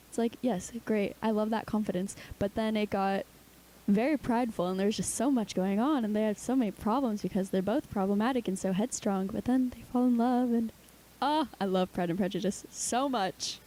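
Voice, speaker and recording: A woman's voice: fairly high pitch, normal speed, warm tone, poor audio. A young woman co-hosting a podcast, chatting casually and gushing emotionally, with lots of "like". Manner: gushing, emotional, says "like" a lot. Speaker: podcast co-host. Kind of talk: casual chat.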